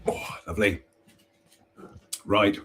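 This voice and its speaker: A man's voice: slow pace, fairly bright tone, a little hiss or hum. A man hosting a live stream, reading ghost stories aloud with chatty, self-mocking asides and the odd stumble over a name. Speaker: host.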